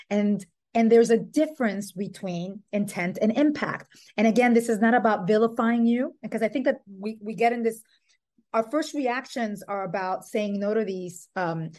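A woman's voice: medium pitch, darkish tone. Casting: earnest middle-aged woman, author guest on an interview podcast, thoughtful. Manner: earnest, thoughtful, with frequent restarts. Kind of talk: conversational interview.

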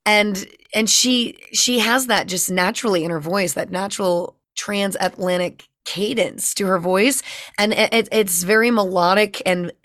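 A woman's voice: medium pitch, steady tone, a little slow, a bit bright, no echo. Woman, voice actor guest, easygoing interview chat, restarts often, dry close mic. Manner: chatty, trailing off with many restarts.

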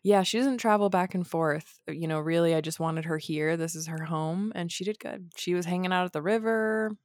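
A woman with a raspy voice co-hosting a health podcast. She tells bubbly stories and laughs as she talks. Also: on the low side, fairly quick, a little mellow, no echo. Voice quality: raspy morning voice. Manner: bubbly storyteller, laughs while talking. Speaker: podcast co-host, dietitian. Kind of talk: casual podcast chat.

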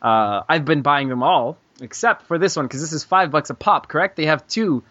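A man hosting a casual gaming podcast, excitable, swearing and laughing often. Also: on the high side, moderate pace, muffled recording. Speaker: podcast host.

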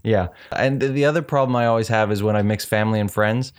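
Man, lowish voice, relaxed casual talker, filler-heavy. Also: fast, clear, resonant tone. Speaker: conversation partner. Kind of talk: casual chat.

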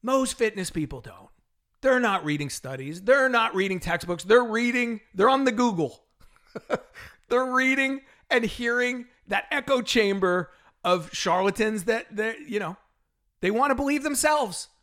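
A middle-aged man hosting a solo fitness podcast, talking in an animated, exasperated rant with frequent laughs. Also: very high-pitched, measured pace. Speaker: podcast host and fitness trainer.

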